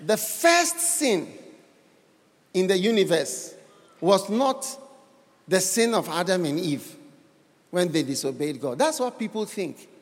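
Ghanaian male preacher, high, lively delivery, long hall reverb, emphatic. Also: slow pace, long pauses. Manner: emphatic, questioning the congregation, bursts of laughter. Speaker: guest preacher. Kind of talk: sermon.

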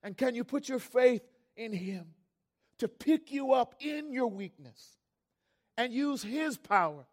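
A man preaching a sermon, telling a story that swells from soft reflection to loud, fervent peaks. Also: very high voice, expressive, takes it slowly. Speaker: pastor.

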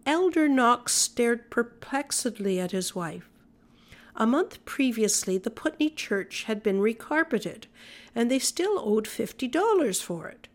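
A woman reading an old-fashioned story aloud in a measured, even storytelling manner. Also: a little high. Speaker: audiobook narrator. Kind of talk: scripted narration.

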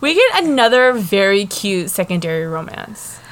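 A woman recaps a novel for her co-host in a loose, chatty style. She swears freely and fills her pauses, and her voice sits mid-range for a woman. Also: medium pitch, sing-song, a bit bright. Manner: chatty, profane, lots of fillers. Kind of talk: casual book discussion.

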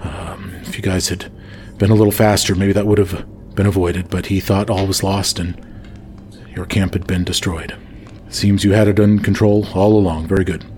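A polished bandit officer in chainmail speaks formally and condescendingly, as a man puts him on. His voice is low. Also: fairly even intonation, moderate pace, a little mellow, slight background noise, close to an everyday voice. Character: well-spoken bearded male bandit officer in chainmail.

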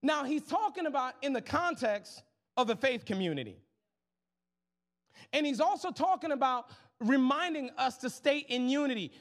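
A young adult pastor preaches a sermon casually and humorously, calling the crowd y'all and swinging between soft asides and loud exclamations. His voice is very high and expressive, at a normal speed.

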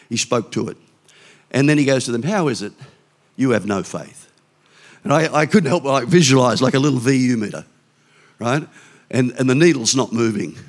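Older man preaching casually. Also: on the high side. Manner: conversational preaching with quick asides and restarts. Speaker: pastor. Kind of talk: sermon.

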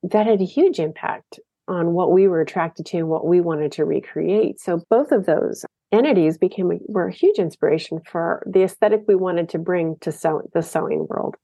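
A woman guest in an interview, telling stories about her design work in a lively, enthusiastic way. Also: fairly low pitch, moderate pace, vocal fry, slightly rough, no room sound, highs cut off. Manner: storytelling, enthusiastic. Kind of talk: casual interview talk.

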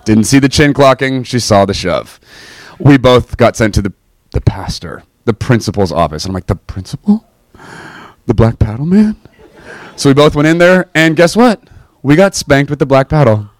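Animated man telling a personal story. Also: medium pitch, moderate pace, dry recording. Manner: animated, self-mocking, asks the audience "right?" often. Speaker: speaker telling his faith story.

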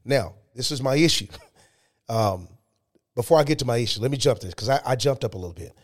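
A man's voice: medium pitch, a little fast. Emphatic storytelling man. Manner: animated, emphatic storytelling with rising excitement. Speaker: guest. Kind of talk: storytelling interview.

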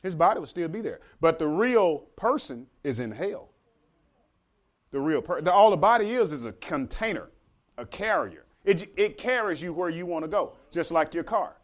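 A man's voice: a little high, expressive, normal speed. A man preaching a sermon as pastor, talking to the congregation and acting out the voices of the characters in the story.

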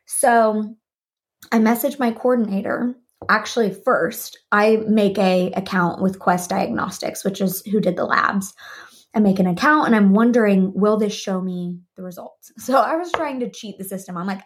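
A woman with a medium-pitched voice, speaking at a moderate pace, hosts her own podcast from her home office desk. She shares a personal story, animatedly acting out remembered conversations.

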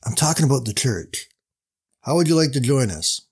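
A man's voice: mid-range voice, very animated, normal speed, slightly rough, heavily acted. A man voicing a casual pastor who teases a businessman in a story. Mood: playful. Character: casual male pastor, playful and sly.

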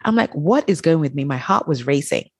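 A woman's voice: deep voice, brisk, slightly rough, dry recording, clean studio sound. A middle-aged woman talking as an interview guest, telling personal stories candidly and acting out the dialogue in them. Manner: animated, acts out dialogue in her stories. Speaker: guest, author. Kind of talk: candid conversational storytelling.

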